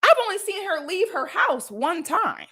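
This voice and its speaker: Young woman going off on a stream, high bright voice swinging all over, loud and cussing. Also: moderate pace. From Florida. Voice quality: loud, profane and animated. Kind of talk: ranting livestream monologue.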